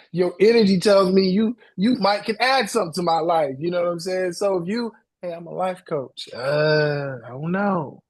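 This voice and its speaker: Guy life coach with a high voice, loose slangy talk, lots of repeats. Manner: animated, repetitive, slangy, acts out voices. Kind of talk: casual coaching chat.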